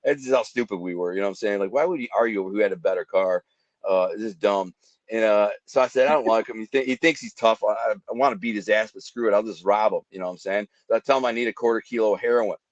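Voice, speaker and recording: A man telling dramatic life stories in an animated way, acting out gunshots with sound effects. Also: fairly low pitch, fast talker, dry recording, muffled recording. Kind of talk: animated storytelling.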